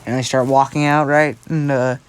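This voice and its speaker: A young man casually telling a fan story, rambling and correcting himself, often checking in with a quick question. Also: medium pitch, flat delivery, clear, resonant tone. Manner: rambling, self-correcting, keeps adding "right?".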